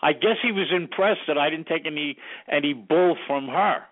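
An older man, a guest sound engineer, telling an animated anecdote and acting out the lines he quotes. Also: a little high, normal speed, no echo. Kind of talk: storytelling anecdote. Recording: tinny phone line, dry.

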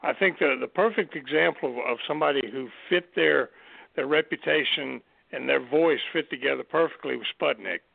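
A man's voice: on the high side, fairly quick, creaky, no room sound. A man co-hosting a casual chat show, rambling with frequent restarts and easy laughs. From Southern United States. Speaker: co-host. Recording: tinny phone line.

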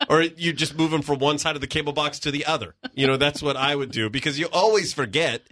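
A man on a podcast, telling comedic stories about his kids and acting out his family members in a high voice. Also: quick pace. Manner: animated storytelling, acts out family members in a high voice. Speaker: podcast co-host. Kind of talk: casual comedic chat.

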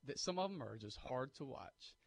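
A man, co-hosting sports talk radio on a studio mic, animated and pushing emphatic hot takes. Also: medium pitch, moderate pace, vocal fry, slightly rough. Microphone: studio microphone.

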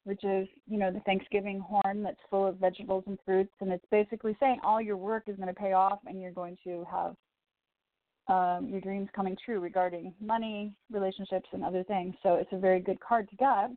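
A woman's voice: mid-range voice, little pitch movement, fairly quick, dry recording. A woman hosting a call-in radio show, giving encouraging angel card readings to callers in a chatty, reassuring way. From Chicago. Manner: warm encouraging, chatty with laughs. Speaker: radio psychic reader and host. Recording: tinny phone-line sound, dry.

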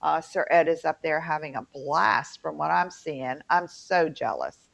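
A woman's voice: sits low, a little slow, gravelly, a bit bright. A middle-aged woman with an Appalachian twang, co-hosting a casual chat and telling stories with lots of fillers. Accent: Appalachian mountain twang. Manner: chatty storyteller, lots of fillers. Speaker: co-host. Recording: muffled lo-fi audio.

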